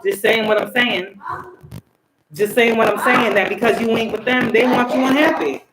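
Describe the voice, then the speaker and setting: A woman's voice: on the high side, normal speed. Emphatic woman preaching in an echoey room. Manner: emphatic, preachy, swings between loud outbursts and soft asides, swears. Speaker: tarot reader and spiritual channeler. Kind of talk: casual spiritual tarot reading to camera. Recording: echoey room with background noise.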